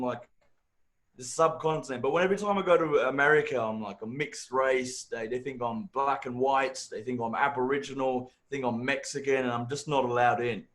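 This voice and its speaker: Guy with a half english half aussie accent doing stand-up, brash and sweary. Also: medium pitch. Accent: mixed English and Australian. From born in England, raised partly in Africa and Australia. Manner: brash, profane, animated storytelling. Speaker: stand-up comedian. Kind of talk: stand-up comedy set.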